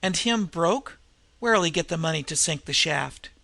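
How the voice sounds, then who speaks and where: A man's voice: on the high side, lively intonation, normal speed, creaky, pushed and bright, no room sound, heavily acted. A man voicing a blunt, practical male miner who talks in a folksy western way. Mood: exasperated.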